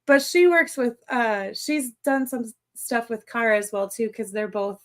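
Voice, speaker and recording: A woman with a Midwestern American accent hosting a podcast, chatting in an excited, rambling way and correcting herself as she goes. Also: a little high, moderate pace. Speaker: podcast host. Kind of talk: casual chat.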